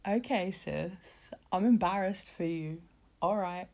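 A woman's voice: fairly low pitch, a little slow, darkish tone. A woman ranting casually about politics, sarcastic and exasperated, swearing freely and filling with asides. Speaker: vlogger.

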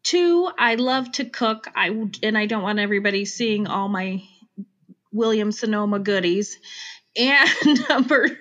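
A woman's voice: medium pitch, normal speed. A middle-aged woman with a Chicago accent, chatting casually about home design with frequent restarts. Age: Generation X. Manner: chatty, self-interrupting, laughs easily. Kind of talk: casual chat. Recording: dull lo-fi recording.

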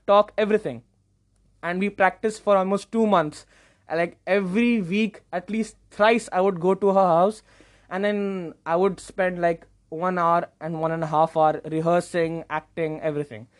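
Young man, podcast host, animated storytelling, self-mocking, stumbles over words. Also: high voice. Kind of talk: casual storytelling monologue.

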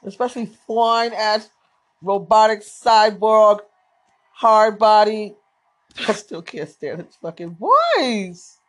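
Excitable, swearing movie-reaction podcaster. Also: medium pitch, slow. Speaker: podcast host. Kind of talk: casual live movie reaction commentary.

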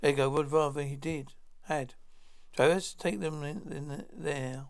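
Male reader with a gravelly, somewhat high voice who plainly reads out a drama script, speaker names included. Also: fairly even intonation, a little slow. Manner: announces each speaker's name before the line. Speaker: narrator reading all parts. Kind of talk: plain read-through of a script.

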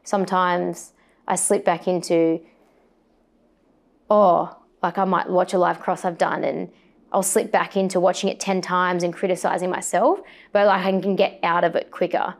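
A woman's voice: on the low side, level tone, moderate pace, creaky. A woman, a sports presenter, chatting as an interview guest with lots of fillers and restarts. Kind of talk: casual interview chat.

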